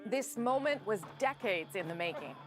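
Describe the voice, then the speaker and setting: A woman anchor reading scripted news items in a measured, even delivery. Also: mid-range voice, music in the background.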